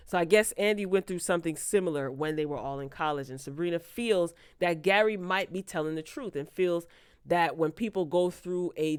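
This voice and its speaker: A woman's voice: fairly low pitch, smooth, no echo, clean studio sound. Exasperated woman recapping a TV episode. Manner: incredulous, exasperated commentary with sarcastic asides. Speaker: TV recap vlogger.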